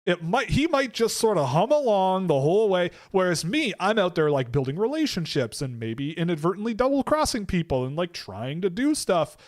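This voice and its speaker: Rambling, animated Canadian man ranting. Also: high voice, moderate pace, few pauses. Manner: rambling, animated, mocking impressions of others. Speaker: host of a hockey prospect livestream. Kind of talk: casual opinionated livestream talk.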